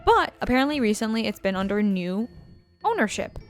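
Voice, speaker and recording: A woman co-hosting a game let's play, telling a profane, animated anecdote in a casual chat style. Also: a little high, fairly quick, soft background music. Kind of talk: casual storytelling while gaming.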